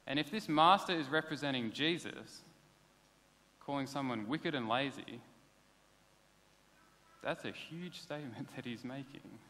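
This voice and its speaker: Bright-voiced man preaching. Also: medium pitch. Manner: conversational, plain-spoken preaching with casual asides. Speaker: pastor. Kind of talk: sermon. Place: church hall. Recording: long hall reverb.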